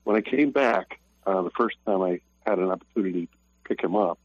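An older man calling into a radio show, sharing a personal testimony in an earnest, halting way with many restarts. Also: deep voice. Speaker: caller. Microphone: telephone. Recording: tinny phone line.

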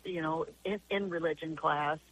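A woman's voice: deep voice, steady tone, moderate pace, husky, rough recording. An older woman, a grandmother, calling in to a radio talk show and telling an earnest, rambling story with many restarts. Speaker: caller. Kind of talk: call-in radio question.

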